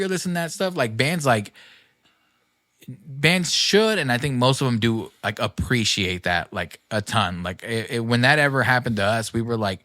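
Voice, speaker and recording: Rambling podcast host, bright voice. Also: male voice, medium pitch, lively intonation, moderate pace, no echo, studio quality. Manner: rambling, heavy use of "like", swears freely. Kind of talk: casual podcast chat.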